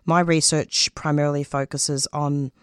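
A woman's voice: low-pitched, level tone, measured pace, clean tone, no room sound, clean studio sound. A woman who produces radio, speaking in an interview with intense, emphatic feeling. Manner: intense, emphatic, openly emotional. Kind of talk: candid interview answers.

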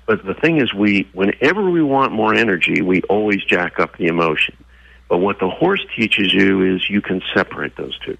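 Man, interview guest, horse trainer, earnest, explanatory, deep forceful voice, dull lo-fi recording, dry room. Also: gravelly, no echo. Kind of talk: conversational interview. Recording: dull lo-fi sound.

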